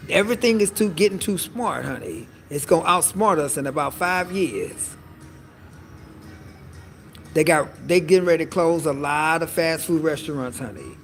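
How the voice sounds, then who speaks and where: A man giving a casual comedic monologue as a vlogger, animated and sassy, swearing freely and calling his viewers honey. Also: fairly high pitch, vocal fry, rough recording.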